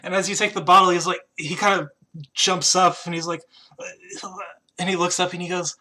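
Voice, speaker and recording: Male game master, bright tone, slightly high voice, casual, halting. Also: level tone. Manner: casual, halting narration with frequent fillers. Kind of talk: narrating a tabletop game.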